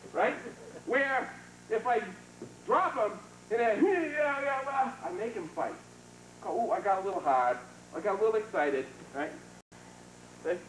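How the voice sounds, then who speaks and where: Heard on noisy 1990s video via a distant mic in an echoey training hall, a karate instructor teaches hands-on, demonstrating moves and coaching students with brief praise. His relaxed delivery comes in a high-sitting voice with a fairly bright tone.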